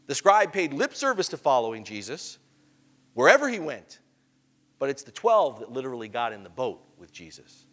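A man preaching a sermon, telling the story animatedly and moving between hushed asides and emphatic stretches. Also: medium pitch, huge pitch swings, normal speed, in a large hall.

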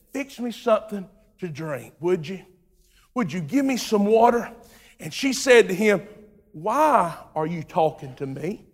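Preaching man in a reverberant hall. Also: high-pitched. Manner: builds from soft storytelling to shouted, rising preaching; acts out voices in the story. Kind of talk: sermon.

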